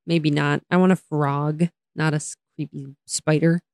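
Giggly, lively woman podcast co-host. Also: low voice, unhurried, no echo, studio quality. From United States. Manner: animated, laughs often, rants. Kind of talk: casual chat.

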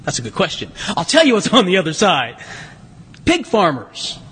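A man's voice: high-pitched, huge pitch swings, normal speed, a bit bright, husky, big-room sound. A male pastor preaching a sermon in a church in a conversational way, asking the congregation questions. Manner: conversational, asks the congregation questions, frequent restarts.

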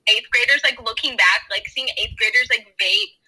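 A teenage girl in casual chat, talking in an animated way with lots of "like" fillers. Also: fairly high pitch, moderate pace, slightly rough, low-quality recording. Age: teens. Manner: animated, rising emphasis, filler "like".

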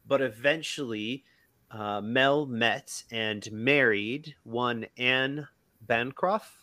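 A man's voice: mid-range voice, drawn-out words, bright, forceful tone, no echo. A man co-hosting a casual podcast, telling anecdotes in a rambling way with many fillers and restarts. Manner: rambling storyteller, acts out quoted voices. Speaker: podcast co-host.

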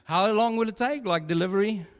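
A pastor preaches a sermon in a chatty, humorous storytelling style, full of asides and laughs. His voice is high-pitched, brisk and smooth, set in long hall reverb.

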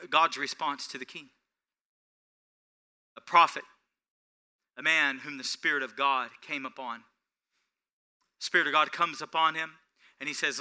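A man preaching a sermon, building to rising, emphatic passages and slowing to stretch out key phrases. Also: fairly high pitch, sharp tone, clean tone. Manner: preaching with swelling intensity and slow, drawn-out emphasis. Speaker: pastor.

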